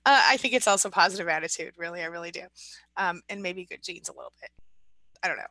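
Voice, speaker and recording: Forties woman, support-coach host on a live stream, bright and pointed tone, reassuring and chatty, dry sound. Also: lowish voice, fast talker, dry recording, low-quality recording. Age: 40s. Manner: reassuring, chatty, frequent restarts and fillers. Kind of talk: live stream chat reading viewer comments.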